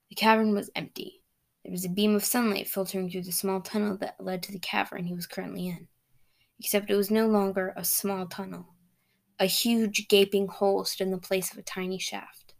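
A woman's voice: medium pitch, vocal fry. A young woman hosting a podcast, casually introducing and then reading aloud her own fantasy story.

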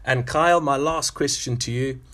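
A man's voice: mid-range voice, moderate pace, pushed and bright. A man from Zimbabwe hosting a casual interview chat, friendly and playful, often repeating words as he goes. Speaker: interview host.

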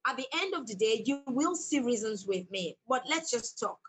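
A woman author, guesting on an interview, tells an animated story from her working life in an emphatic, bold manner, laughing often. Her voice is fairly high and animated at a moderate pace, and the recording is rough.

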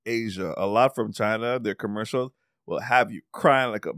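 A man's voice: on the low side, normal speed, a bit bright, no room sound, studio quality. A man in casual chat, talking in slang, swearing lightly and laughing.

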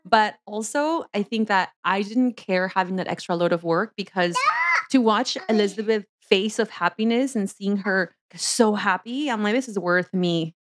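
A woman's voice: medium pitch, normal speed, dry recording, studio quality. A woman co-hosting a podcast in casual chat, telling a story and acting out quotes with lots of "like"s. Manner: chatty storyteller, many "like"s, acts out quotes. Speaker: podcast co-host.

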